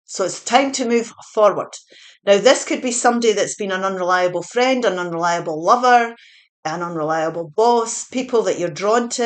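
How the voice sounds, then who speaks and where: Woman, tarot reader; earnest, repetitive, encouraging delivery with fillers. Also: medium pitch. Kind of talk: spiritual tarot reading.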